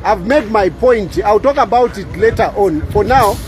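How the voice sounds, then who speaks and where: A man's voice: high voice, expressive, moderate pace. A middle-aged man with a Zambian accent, a lawyer making an impassioned appeal to camera, repeating himself and tagging lines with "eh?". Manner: emphatic, repeats lines, tags "eh?" for agreement. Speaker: public lawyer.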